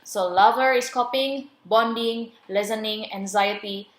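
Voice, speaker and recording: A woman's voice: on the high side, close to an everyday voice. A friendly male scientist guest, as a young woman reads him. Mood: explaining. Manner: explaining in plain, measured phrases. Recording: roomy echo.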